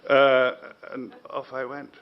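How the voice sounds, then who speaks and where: An older Englishman rambles through self-mocking stories and chuckles along the way. His pitch sits in an ordinary middle range. The recording sounds dull and lo-fi. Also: completely flat delivery, slow pace, clear, resonant tone. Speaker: interview guest, actor. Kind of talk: anecdotal interview storytelling.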